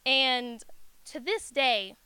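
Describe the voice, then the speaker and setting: Bright, high-voiced young woman telling stories. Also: lively intonation, very slow, smooth, no echo. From United States. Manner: casual, self-mocking, swears freely; laughs through the telling and acts out quotes. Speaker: storyteller. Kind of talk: live stage storytelling. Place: live storytelling stage.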